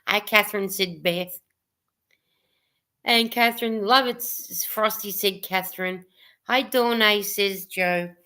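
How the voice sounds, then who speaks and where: A woman's voice: mid-range voice, steady tone, takes it slowly, sharp tone, clear, resonant tone. A woman co-hosting a casual livestream chat, reading viewers' comments aloud and laughing often.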